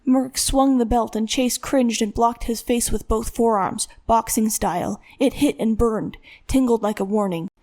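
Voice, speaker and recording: A woman reads a tense thriller audiobook, carrying the story along in a steady, dramatic narration. Her voice sits somewhat high for a woman. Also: a little slow, hardly any pauses.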